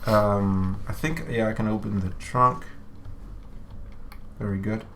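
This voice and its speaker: Male developer co-host, lowish voice, playful and halting; faint noise behind. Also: fairly even intonation, a bit bright. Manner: playful, joking, halting with restarts. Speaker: game developer co-hosting a stream. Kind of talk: casual chat while playing.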